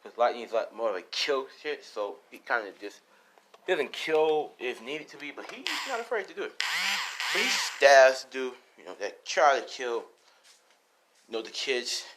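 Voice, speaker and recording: Rambling male storyteller, mid-pitched. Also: sing-song, normal speed, a bit bright. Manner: rambling, full of fillers and swearing. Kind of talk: casual retelling of a fan story.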